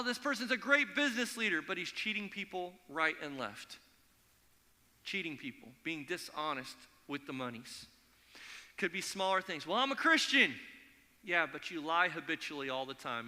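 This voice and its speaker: A man delivers a sermon in a church sanctuary, his voice high and sharply bright. He tells stories with energy and slips into the voices of the people in them. A long reverb from the hall trails each phrase. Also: moderate pace, gravelly. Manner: animated storytelling, acts out quoted voices. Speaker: pastor.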